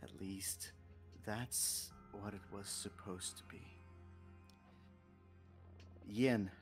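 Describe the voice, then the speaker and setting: Slow, low-voiced male game master. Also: steady tone, faint music behind. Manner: measured, unhurried scene-setting narration. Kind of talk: narrating a tabletop game over voice chat.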